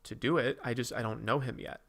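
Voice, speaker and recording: A man's voice: medium pitch, steady tone, brisk, gravelly, fairly bright tone. A man hosting a casual livestream, rambling while he reads and answers viewers' comments and draws. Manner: drawing while talking. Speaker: streamer host.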